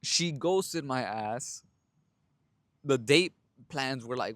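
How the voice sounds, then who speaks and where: A man's voice: medium pitch, moderate pace, a bit bright, no room sound. Blunt, profane young man telling a story. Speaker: podcast host. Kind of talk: casual monologue.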